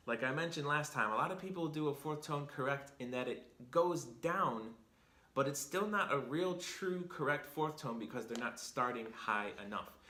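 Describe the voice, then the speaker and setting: A man's voice: mid-range voice, pushed and bright. A man hosting a language lesson, patiently explaining things step by step. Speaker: Chinese teacher and host. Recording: roomy echo.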